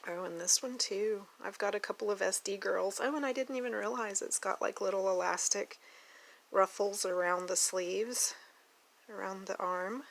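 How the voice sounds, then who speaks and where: A woman's voice: mid-range voice, fairly even intonation, moderate pace, creaky, rough recording. A woman from Oklahoma with an Oklahoma accent, chatting and gushing through a casual unboxing vlog at a table at home. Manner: chatty, gushing, talks to her dog. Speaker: doll collector vlogger.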